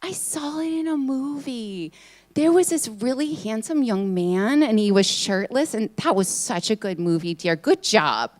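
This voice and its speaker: A woman voicing a hard-of-hearing older female relative who talks loudly and dotes on her husband, calling him "honey dear.". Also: on the high side, expressive, measured pace. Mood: doting. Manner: loud, doting, says "honey dear".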